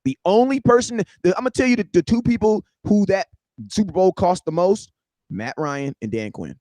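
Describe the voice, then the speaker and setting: Dude with a really lively up-and-down voice hammering home his football takes, dry sound. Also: high-pitched, normal speed, no echo. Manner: emphatic, repeating points for effect. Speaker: podcast co-host. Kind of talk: casual sports talk.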